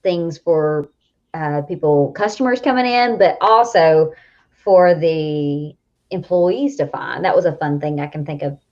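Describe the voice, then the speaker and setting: A Southern woman in her thirties talks in a lively, rambling way, laughing as she goes. Her voice sits low, and the recording sounds dull and lo-fi. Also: measured pace. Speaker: coach, co-host. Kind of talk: casual chat. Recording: dull lo-fi audio.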